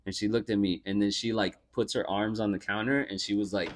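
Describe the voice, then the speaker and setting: A man's voice: on the low side, brisk. A young man co-hosting a podcast, casually telling a profane story and acting out the people in it. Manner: animated, profane storyteller who acts out the people in his story. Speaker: podcast co-host.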